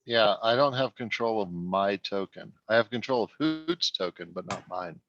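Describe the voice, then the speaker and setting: Male player, lowish voice, dry, lo-fi sound. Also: lively intonation, normal speed, a bit bright. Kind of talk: casual chat. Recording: dull lo-fi mic.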